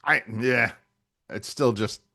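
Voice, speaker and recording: A man co-hosting a casual podcast, talking in a relaxed way with frequent fillers and restarts. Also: mid-range voice, slow pace, creaky. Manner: relaxed, hesitant with many fillers. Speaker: podcast co-host. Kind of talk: casual chat.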